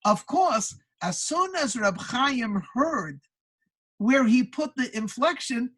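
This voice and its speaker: Woman storyteller at a community gathering, reflective, husky, slightly high pitch. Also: animated, slow, a bit bright, low-quality recording. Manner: earnest, reflective, frequent stammered restarts. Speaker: speaker at a religious gathering.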